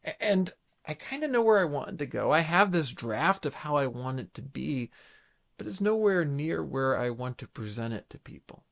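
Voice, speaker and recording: A man in his late thirties preaching a sermon, earnest and halting, often restarting his sentences. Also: fairly high pitch, sing-song, vocal fry, fairly bright tone. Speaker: pastor.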